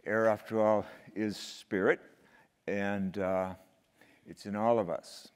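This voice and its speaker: Slow, resonant male priest in a hall. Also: on the low side, little pitch movement, smooth. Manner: unhurried, gently instructive, repeating names in chant. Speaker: priest leading prayer. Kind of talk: spiritual talk and call-and-response chant. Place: large hall at a faith festival. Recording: long reverb of a large hall.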